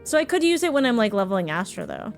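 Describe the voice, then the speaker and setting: A woman's voice: a little high, very animated, fast talker, soft background music. A woman streamer chatting casually as she plays, reacting to the game and thanking her chat. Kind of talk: casual live-stream commentary.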